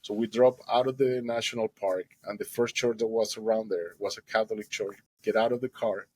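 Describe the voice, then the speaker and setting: Husky man telling a personal testimony. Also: on the low side, steady tone, brisk, darkish tone, poor audio. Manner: emotional storytelling, acts out quoted dialogue, non-native grammar. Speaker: guest telling his own story.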